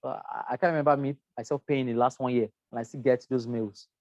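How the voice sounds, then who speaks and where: Teaching a health and safety class, this woman speaks fast in an extremely low, darkish voice with a steady tone. The lo-fi recording has no room sound. Emphatic in her lecture, she repeats words, stresses key points and often asks "right?".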